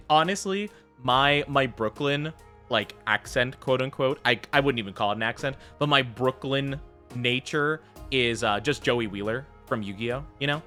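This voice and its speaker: A man's voice: mid-range voice, a little slow, bright, forceful tone, faint music behind. An American man chatting casually while streaming a game, rambling with lots of fillers and tangents. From United States.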